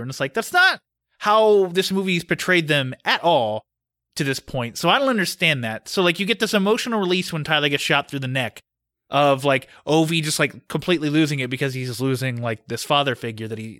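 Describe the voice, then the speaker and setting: Bright-voiced young man ranting about films. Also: on the high side, fairly quick, dry recording, studio quality. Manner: ranting, blunt, swears casually. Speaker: podcast co-host. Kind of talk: casual film review chat.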